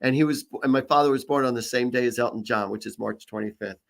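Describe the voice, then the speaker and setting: A man's voice: medium pitch, fast, vocal fry. A middle-aged man with a mid-range voice who hosts a casual psychic reading show. He rambles through personal stories and restarts his sentences often. He tosses in jokes and laughs as he reads horoscopes for viewers. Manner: rambling storyteller, jokey, many restarts. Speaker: psychic and comedian host. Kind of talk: casual live-stream chat and horoscope reading.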